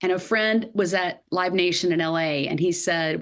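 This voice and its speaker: A woman in her fifties with a Southern US accent, a podcast guest telling her career story in a lively way with many fillers. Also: fairly low pitch, normal speed, hardly any pauses. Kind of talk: podcast interview.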